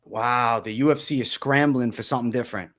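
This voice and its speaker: A young man hosting a livestream, talking excitedly and repeating himself, swearing often and calling his viewers bro. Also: mid-range voice, fairly quick. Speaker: livestream host. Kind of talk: livestream commentary.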